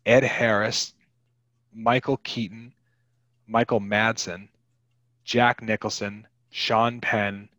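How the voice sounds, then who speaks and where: A man's voice: on the low side, little pitch movement, slow, long pauses, pushed and bright, no room sound. A man hosting a podcast, chatting casually about a film in a rambling, wry way. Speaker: podcast host.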